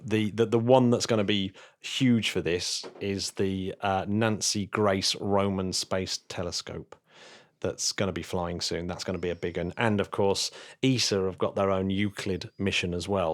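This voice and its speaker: Low-voiced podcast host, rambling. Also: male voice. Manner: chatty, rambling, many restarts and fillers. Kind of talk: casual chat.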